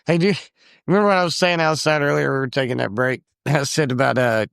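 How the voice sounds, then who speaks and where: A man's voice: mid-range voice, fairly even intonation, fast talker, creaky, a bit bright, clean tone, dry recording, studio quality. An American man co-hosting a podcast in casual chat, rambling through his ideas and restarting his thoughts. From United States. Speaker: podcast co-host.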